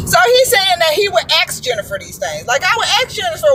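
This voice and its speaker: A woman's voice: very high voice, huge pitch swings, a little fast, hardly any pauses, background noise. A woman vlogging casual commentary from a moving car, slangy and chatty, stumbling over words when she reads aloud. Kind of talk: casual commentary while driving.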